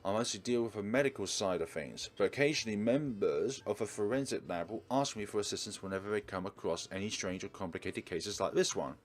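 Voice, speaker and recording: A man's voice: on the low side, a little fast, few pauses, natural voice. Man doing an earnest young nurse. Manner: raised, bright, eager delivery. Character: earnest young woman nurse, loyal, a bit defensive.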